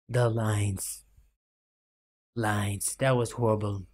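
A man's voice: on the low side, flat delivery, slow, long pauses, darkish tone, husky. A young man giving rambling, self-mocking commentary over a game late at night, full of fillers, his voice cracking now and then. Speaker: gaming YouTuber.

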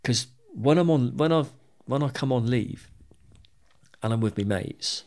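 A man's voice: mid-range voice, expressive, a little slow, darkish tone. A middle-aged man, a podcast guest who tells his own story frankly, swearing freely and often repeating words mid-sentence. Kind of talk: candid storytelling interview.

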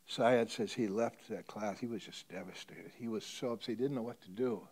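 Storytelling pastor, loud to hushed. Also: male voice, fairly low pitch, moderate pace, few pauses, slightly rough. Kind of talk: sermon.

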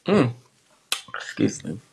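A woman's voice: slow pace, a little mellow, a little hiss or hum. A woman livestreamer ranting at her viewers in a brash, profane and confrontational way, mocking the comments.

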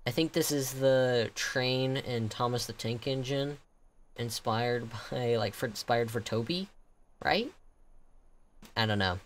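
Excitable young man, full of ums. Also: mid-range voice, slow pace, slight background noise. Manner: excitable, gasping, many ums. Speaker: game creator reviewing builds. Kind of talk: casual game commentary.

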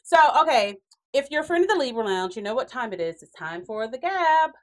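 A woman hosting a casual chat podcast, telling a story in an animated way with frequent laughs. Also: on the high side, a little fast, background noise. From Texas. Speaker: podcast host.

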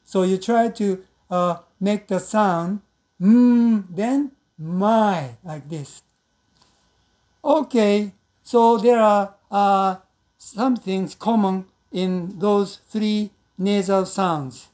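A woman whose first language is Japanese gives a patient pronunciation lesson at an unhurried pace. Her voice is soft and mellow, and she breaks up her explanations with fillers. She hums drawn-out nasal sounds and repeats example words slowly so learners can copy them. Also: medium pitch. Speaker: English pronunciation teacher. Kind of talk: slow pronunciation lesson with demonstrations.

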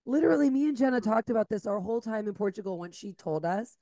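A woman co-hosting a casual podcast chat, telling lively stories and acting out what people said. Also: a little high, fast talker, no echo. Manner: lively storyteller, acts out quotes. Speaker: podcast co-host.

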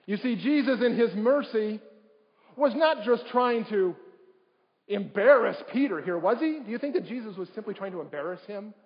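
A male pastor preaches from the pulpit and keeps asking his listeners questions. His voice sits high for a man. The sound is dull and lo-fi, and it rings out in a reverberant sanctuary. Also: expressive, moderate pace. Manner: preaching with rhetorical questions to the congregation. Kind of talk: sermon. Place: church sanctuary. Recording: dull livestream audio in a reverberant church.

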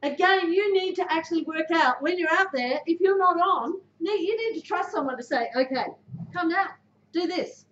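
An Australian woman with a high-pitched voice gives a blunt, emphatic motivational talk, putting questions straight to her audience. The sound is dull and echoey, with a faint hiss underneath. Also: a little fast, few pauses, fairly bright tone. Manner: direct, emphatic, quizzes the audience. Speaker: guest speaker. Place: club room before a team.

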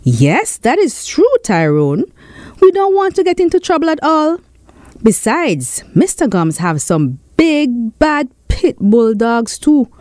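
Woman doing excited schoolboy Bello. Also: slow, dry recording, studio quality, full character voice. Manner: high excited shouting. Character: cheeky bold schoolboy Bello.

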